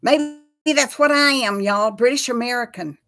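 A middle-aged woman with a Texas accent hosts a relaxed live chat. She rambles in a homey, friendly way and keeps turning to her viewers with y'all. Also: a little high, normal speed, faint music behind. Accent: Texan.

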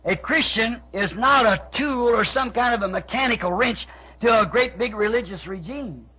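A man preaching a sermon, telling stories and acting out conversations, with his voice climbing to shouts. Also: very high-pitched, normal speed, husky. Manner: storytelling, quoting both sides of conversations, rising to shouts. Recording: dull lo-fi archive tape recording.

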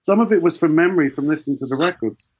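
A man's voice: on the high side, racing, a little mellow, husky, muffled recording. A man, a guitarist guest in an interview, telling long rambling anecdotes with many restarts. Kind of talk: casual storytelling interview.

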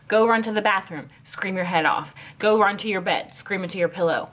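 A woman's voice: medium pitch, lively intonation, moderate pace, fairly bright tone. A woman giving casual reaction commentary on an anime episode, ranting in an exasperated, sarcastic way.

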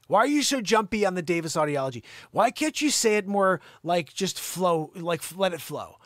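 A man hosting a live improvised comedy show, teasing and scolding a caller in a loud, mock-outraged rant. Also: high voice, lively intonation, a little fast, few pauses, no room sound, studio quality.

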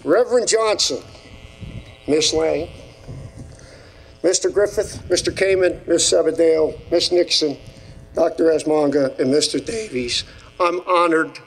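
Older man, slightly high voice, athletic director type, folksy off-the-cuff graduation speech. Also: rough recording. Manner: folksy, off-the-cuff storytelling with repeated phrases. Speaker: athletic director giving a commencement address.

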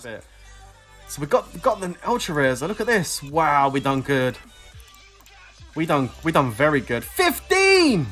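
A man streaming a game, excitable, whooping and laughing as rewards drop. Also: high voice. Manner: excitable, shouting and laughing at drops. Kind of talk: live game commentary.

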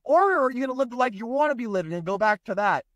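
A man with a high voice rants bluntly on his podcast, swearing freely and dripping with sarcasm. The sound is close and dry, with no room around it. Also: lively intonation, fast talker, a bit bright, no room sound, highs cut off. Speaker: podcast host. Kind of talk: ranting podcast monologue.

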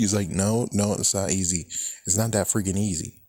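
A man's voice: fairly low pitch, steady tone, normal speed, a little mellow, no echo. A man on a YouTube channel, talking in a casual, rambling rant, frustrated and swearing often. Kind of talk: casual ranting vlog.

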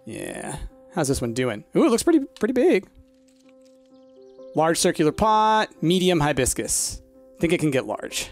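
A man's voice: on the high side, very animated, a little slow, faint music behind. A man hosting a casual gaming session, chatty and playful, laughing often. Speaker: gaming video host. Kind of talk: casual gameplay chat.

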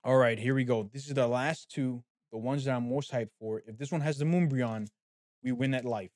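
A man's voice: mid-range voice, normal speed, dry recording, studio quality. A man hosting a card pack opening, talking casually and animatedly straight to his viewers. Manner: animated, chatty, talks to viewers as guys. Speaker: card-opening channel host.

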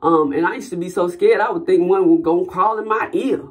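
A woman talks straight to her viewers in a relaxed vlog. She rambles in a chatty, personal way and keeps calling her audience y'all. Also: lowish voice, brisk. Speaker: vlogger. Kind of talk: casual talk to camera.

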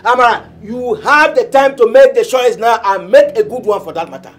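An actor playing a stern middle-aged father in a film drama, scolding his daughter in a husky voice and pressing her with demands. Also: very high voice, a little fast, faint music behind.

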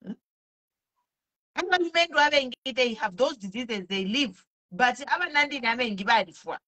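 Earnest Zambian woman, bright voice. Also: a little high, lively intonation, moderate pace. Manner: earnest, pleading, switches languages mid-sentence. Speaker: speaker sharing testimony. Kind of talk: personal testimony mixing English and Bemba.

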